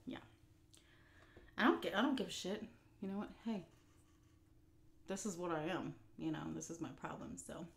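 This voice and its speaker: Woman doing a mukbang storytime, kinda low voice, blunt and rambly. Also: moderate pace, pauses often, a little hiss or hum. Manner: candid, blunt, rambling with fillers. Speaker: mukbang vlogger. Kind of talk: casual storytime while eating.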